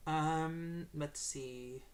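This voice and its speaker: A man's voice: on the high side, steady tone, extremely slow. Hesitant man answering stream questions. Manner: hesitant, many filler sounds. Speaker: developer answering viewer questions. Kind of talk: livestream Q&A.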